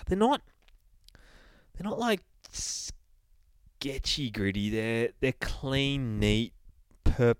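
A man's voice: low-pitched, a little mellow, clean tone, no echo. A man casually retelling a horror comic as a reviewer, in a loose, sweary, rambling way full of fillers.

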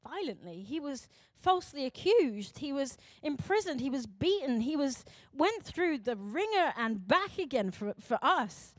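A young adult woman pastor, preaching emphatically, swinging between loud urgent calls and quiet intense moments. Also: sits high, sing-song, a little slow, few pauses, no echo, studio quality. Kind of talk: sermon.

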